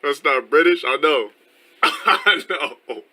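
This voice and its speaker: A man's voice: fairly high pitch, expressive, slow pace, bright, forceful tone. A man streaming casually, reading through an essay with profane, joking asides, played from a stream clip.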